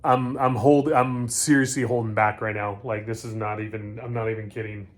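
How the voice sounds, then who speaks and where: A man hosting a casual bike build vlog, excitable and joking, often stammering and restarting his sentences in a home workshop. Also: lowish voice, normal speed. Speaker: channel host.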